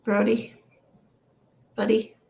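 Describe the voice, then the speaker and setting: Woman psychic, livestream reading. Slow, emotional and earnest, a bit of fry, faint hum behind. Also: a little high, monotone, darkish tone. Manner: rambling with many fillers. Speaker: psychic medium. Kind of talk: live-streamed psychic reading. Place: home livestream.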